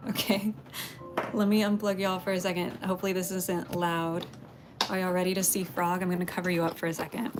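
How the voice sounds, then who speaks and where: A woman's voice: lowish voice, flat delivery, fairly quick, noisy background. A woman from Texas, hosting a casual pottery livestream, chatting with viewers, greeting them by name and laughing often.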